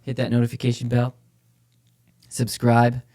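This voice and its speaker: A man's voice: mid-range voice, monotone, measured pace, mellow. A man co-hosting a church podcast, talking casually and with energy about faith, often repeating phrases for emphasis. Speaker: podcast co-host, church leader.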